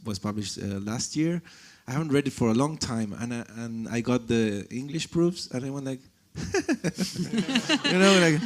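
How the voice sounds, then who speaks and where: A man whose first language is Spanish, talking on a conference panel in a chatty way, laughing often, with many fillers and restarts. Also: mid-range voice.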